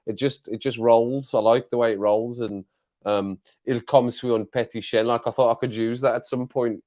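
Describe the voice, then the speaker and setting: A man's voice: medium pitch, fairly even intonation, normal speed, a little mellow. A man hosting a casual live chat, playful and chuckling often as he tries out phrases. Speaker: livestream host.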